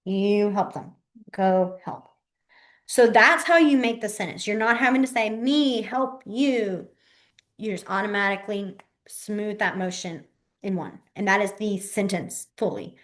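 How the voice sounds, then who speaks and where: At medium pitch and a measured pace, a young woman teaches sign language in a casual online class. She's chatty and informal, and her speech often trails away while she demonstrates.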